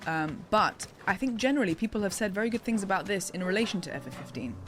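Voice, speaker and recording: An English woman streams a game and chats with her viewers in a playful, teasing way, laughing easily. Her voice sits at an ordinary middle pitch. Game music plays clearly behind her. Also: animated, quick pace, a bit bright. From England. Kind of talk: casual live-stream chat while gaming.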